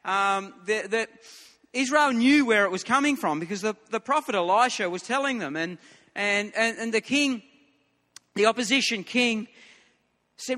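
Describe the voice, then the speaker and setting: A man's voice: high-pitched, normal speed, bright, forceful tone, in a large hall. A man preaching a sermon in an earnest way, often repeating words as he starts a new thought.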